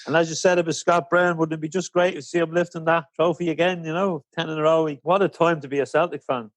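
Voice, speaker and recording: Man, podcast host, friendly banter, slightly high voice, dry close sound. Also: fairly even intonation, quick pace, no room sound. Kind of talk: casual interview chat.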